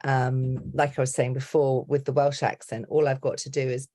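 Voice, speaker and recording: A woman's voice: a bass voice, flat delivery, normal speed, mellow. Woman, accent coach, upbeat, emphatic, chatty. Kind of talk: casual podcast chat.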